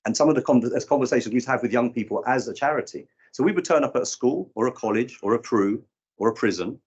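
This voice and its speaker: Male speaker in his fifties, husky, acts out voices in his stories; lo-fi sound. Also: medium pitch, fast. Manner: animated storyteller acting out quoted people. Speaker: conference speaker. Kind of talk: live breakout session talk. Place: conference room.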